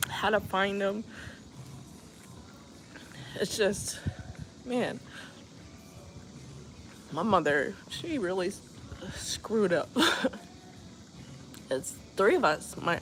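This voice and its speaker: A woman in her fifties telling a rambling, chatty story to her viewers, with lots of fillers. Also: low-pitched. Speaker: vlogger. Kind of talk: casual chat to viewers. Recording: loud cricket noise behind voice. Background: crickets and insects chirping.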